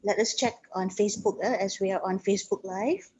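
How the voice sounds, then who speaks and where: A woman hosting an online webinar over a video call, moderating in a polite, brisk way. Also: mid-range voice, mellow, slight background noise. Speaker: webinar host. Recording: dull lo-fi video call audio.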